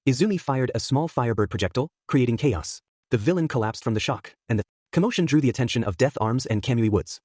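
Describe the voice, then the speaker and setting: Reading fan fiction quickly, a man uses a husky, slightly rough, darkish voice that stays expressive throughout. He raises his pitch for the characters' lines between stretches of narration. The recording is dry and close, with no room sound.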